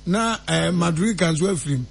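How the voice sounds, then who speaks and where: A man's voice: fairly high pitch, lively intonation, a little slow, gravelly. A man with a Ghanaian accent playing a comic self-styled seer, swinging between mock-solemn pronouncements and loose joking. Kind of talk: comedic prophecy skit.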